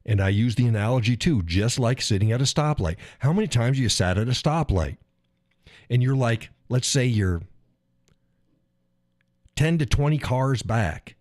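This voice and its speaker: A man with a mid-range voice and moderate pace hosts his own live stream, casually ranting about politics. Profane and animated, he impersonates frustrated drivers, and the studio-quality audio has no echo.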